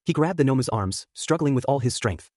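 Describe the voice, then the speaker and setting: A man reading a fan story aloud at a quick clip, with his voice rising and falling. The sound is dry and close, and his pitch sits in an ordinary male middle. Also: expressive, a little mellow, dry recording. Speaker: fan fiction reader. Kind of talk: storybook narration.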